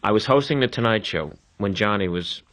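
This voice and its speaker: Animated man telling a story. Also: on the low side, brisk. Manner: lively, acts out voices, frequent laughter. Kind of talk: animated anecdote.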